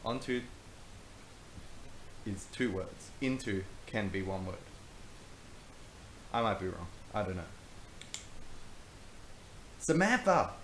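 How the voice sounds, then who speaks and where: A man's voice: low-pitched, takes it slowly, pauses often. A man reading aloud from his old book with casual, wry, self-mocking commentary. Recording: echoey room with faint hiss.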